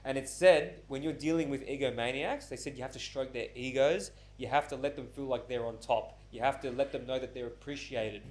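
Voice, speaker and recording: Casual male podcast host, twenties to thirties, animated storyteller, swears a lot, middle pitch. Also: fairly quick, hardly any pauses. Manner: animated storyteller who acts out quoted voices, swears often.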